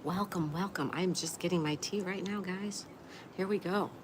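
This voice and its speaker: A woman's voice: fairly low pitch, moderate pace. A woman hosting a casual live stream, reading viewer comments aloud, greeting each person by name and answering with gushing exclamations. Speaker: livestream host. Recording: noisy background ambience.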